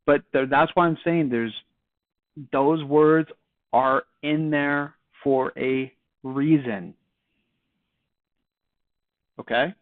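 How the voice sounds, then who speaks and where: A man's voice: a little high, no echo. Male sales trainer, casual and conversational, acts out call lines; tinny narrow-band audio, dry.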